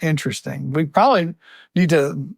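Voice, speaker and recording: A man co-hosting a casual podcast and reading listener mail, animated, often restarting his sentences and laughing. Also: fairly high pitch, moderate pace, gravelly, slightly rough, no room sound, clean studio sound. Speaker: podcast co-host.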